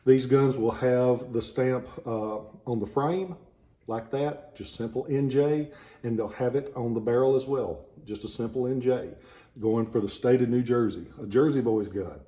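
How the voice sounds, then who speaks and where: A relic dealer with a Southern US accent talks in a warm, dark, mellow voice at a middling pitch. He is chatty and wanders off on tangents, his sinuses a little stuffed up. He speaks from a small office. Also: normal speed. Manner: chatty and digressive. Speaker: relic dealer and shop owner. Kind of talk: informal product talk.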